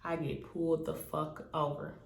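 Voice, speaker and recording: A young woman telling a casual storytime, animated, swearing freely and acting out what people said with big jumps in pitch. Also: moderate pace, creaky. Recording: echoey room.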